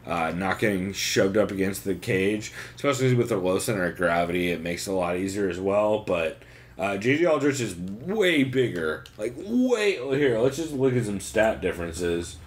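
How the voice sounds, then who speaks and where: A man with a low, expressive voice co-hosts a podcast at a moderate pace, chatting casually as he breaks down fight cards. His style is loose, profane and joking, and he laughs often.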